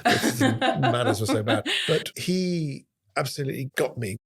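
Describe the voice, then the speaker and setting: A man in his sixties from Scotland, telling lively anecdotes as a guest in a conversational interview. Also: medium pitch, slightly rough. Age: 60s. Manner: animated anecdotes, drifting into quick bursts. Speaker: guest, impressionist. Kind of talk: relaxed storytelling interview chat.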